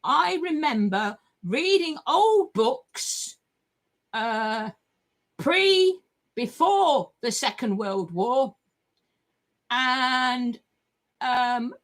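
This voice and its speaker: High, lively-voiced older woman. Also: very slow, pauses often. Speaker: vlogger. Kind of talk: rambling monologue to camera.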